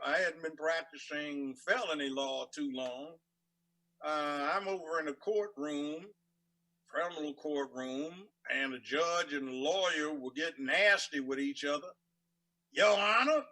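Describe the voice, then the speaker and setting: A man's voice: fairly high pitch, pushed and bright, rough recording. An older man from California with a Southern drawl, telling folksy, salty stories as an interview guest. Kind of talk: casual storytelling interview.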